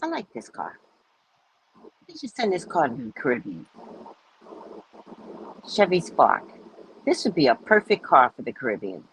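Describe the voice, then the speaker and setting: A woman hosting a casual livestream chat, telling rambling stories in an animated way and greeting viewers. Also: sits low, moderate pace, pauses often, slight background noise, poor audio. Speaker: livestream host.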